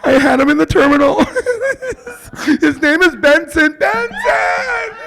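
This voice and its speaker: A man voicing a frantic airline passenger hunting for a lost pet scorpion, panicked and shrill. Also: big pitch swings, slow, vocal fry, raised voice, a crowd in the background, exaggerated voice. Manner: panicked, shrill, laughing through it.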